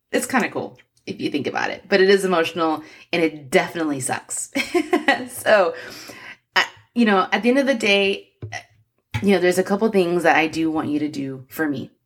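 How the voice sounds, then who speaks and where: A woman in her forties hosting a podcast, talking earnestly and emotionally to her listeners with encouragement and frequent laughs. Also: medium pitch. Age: 40s. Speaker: podcast host. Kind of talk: motivational podcast monologue.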